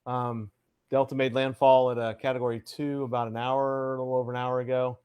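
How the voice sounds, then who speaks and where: A man's voice: medium pitch, flat delivery, a little fast, darkish tone, clean tone. Casual livestream host, man, playful announcer flourishes, reads chat aloud. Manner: playful showman greetings, reads viewer comments aloud. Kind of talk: casual live chat show.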